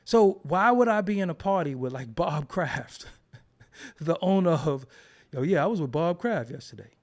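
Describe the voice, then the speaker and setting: A man's voice: a little high, normal speed. A man in a casual, profane rant, talking emphatically and repeating himself when heated. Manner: animated, emphatic, swears freely, repeats words when heated.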